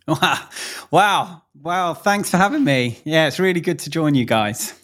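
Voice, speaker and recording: Relaxed man with a Mockney twang. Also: on the high side, unhurried. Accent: Southeast London Mockney. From Southeast London. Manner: relaxed, hesitant with many ums. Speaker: podcast guest. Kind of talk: casual podcast interview.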